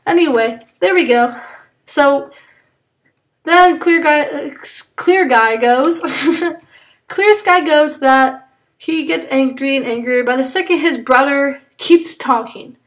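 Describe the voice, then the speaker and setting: A woman's voice: sits high, slow. A woman casually making up and telling a story as she draws, rambling with lots of fillers and self-corrections. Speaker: drawing channel creator. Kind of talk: casual improvised storytelling while drawing.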